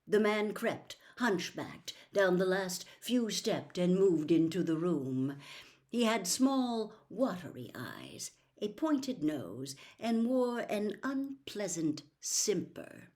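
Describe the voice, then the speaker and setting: A woman reading a novel aloud in a slow, deliberate storytelling manner. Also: mid-range voice, sing-song, darkish tone. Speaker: narrator. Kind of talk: audiobook reading.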